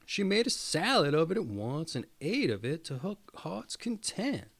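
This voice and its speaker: Gravelly, expressive male storyteller. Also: a little high, moderate pace. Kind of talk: fairy tale reading.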